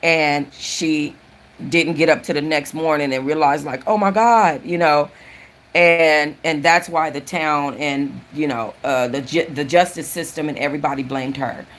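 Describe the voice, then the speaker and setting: A woman's voice: low-pitched, steady tone, a little slow, fairly bright tone. A woman hosting a casual live-stream book chat, chatty and prone to restarting sentences. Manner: chatty, restarts often, thanks viewers mid-sentence. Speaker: book channel host.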